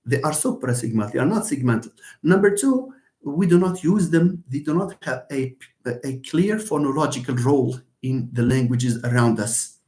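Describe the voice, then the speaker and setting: A man's voice: medium pitch, animated, a little mellow. Man lecturing in an echoey room. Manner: repeats and restarts, many fillers, explains slowly. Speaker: linguistics lecturer. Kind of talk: live online lecture.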